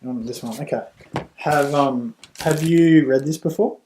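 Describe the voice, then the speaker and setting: A middle-aged man, a reading tutor and parent, explaining at home in a relaxed way with a few restarts. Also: on the high side, unhurried, a little hiss or hum. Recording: roomy echo.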